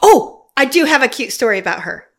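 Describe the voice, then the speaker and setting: A middle-aged woman with a slightly high voice tells flight stories in an easy, chatty way. She giggles often and keeps her telling lively and animated. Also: a little fast. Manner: giggly, animated storyteller who laughs often. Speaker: podcast guest, flight attendant. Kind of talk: casual storytelling chat.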